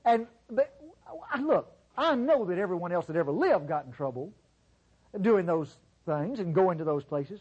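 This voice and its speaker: A husky-voiced male preacher delivering a sermon. His pitch swings widely as he presses each point, repeating phrases and slipping in sarcastic asides. He sounds middle-aged. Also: sing-song, moderate pace, darkish tone, lo-fi sound. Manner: emphatic, repetitive, sarcastic asides.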